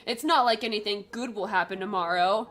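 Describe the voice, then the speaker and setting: A woman voicing a weary, ill young woman in a live comic read-through, reading in a subdued, flat way. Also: mid-range voice, fairly quick, soft background music, lightly acted. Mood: glum.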